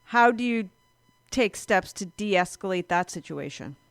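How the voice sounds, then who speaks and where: A woman's voice: medium pitch, animated, a little slow, clean tone, dry recording. A woman hosting an interview, asking questions and adding short encouraging replies. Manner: encouraging, frequent brief affirmations. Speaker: interview host.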